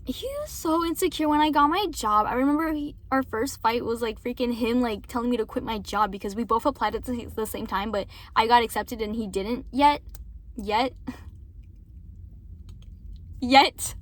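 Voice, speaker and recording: High-voiced young woman venting casually. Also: moderate pace. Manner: rambling, frequent swearing and apologies. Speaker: vlogger.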